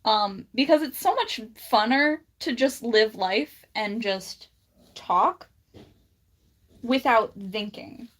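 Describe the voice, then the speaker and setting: A woman with a slight lisp chatting on a livestream in a high-ish voice. She drags her words out slowly and bluntly. She laughs often between thoughts. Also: expressive. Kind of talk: casual livestream chat.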